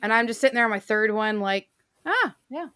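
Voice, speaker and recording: A woman co-hosting a casual podcast, chatty and quick to laugh, acting out what people said. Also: medium pitch, level tone, bright, forceful tone, clean tone. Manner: giggly, chatty, acts out quotes. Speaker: co-host. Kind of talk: casual chat.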